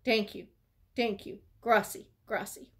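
A woman reading a children's storybook aloud, voicing an eccentric, playful older man who speaks softly and slowly with a few Italian words. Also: fairly high pitch, lightly acted. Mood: timid. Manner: soft, timid, slow speech with put-on Italian words.

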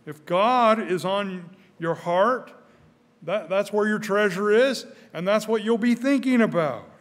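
An older man preaching a sermon in a church, earnest, often repeating his first words, growing louder when stirred. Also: sits high, a little slow. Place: church sanctuary. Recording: church hall with long reverb.

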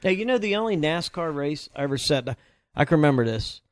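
A man's voice: a little high, lively intonation, quick pace. A man guesting on a casual podcast, telling a story in a blunt, profane way. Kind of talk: casual chat.

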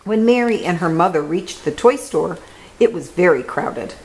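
A woman hosting a children's reading show, reading a picture book aloud in a gentle, careful way. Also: lowish voice, animated, normal speed, vocal fry, poor audio. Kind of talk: storybook read-aloud.

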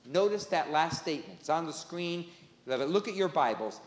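Preaching in a church sanctuary, a man with a slightly high, animated voice speaks at a moderate pace and repeats key phrases for emphasis. The echoey room gives the recording long reverb.

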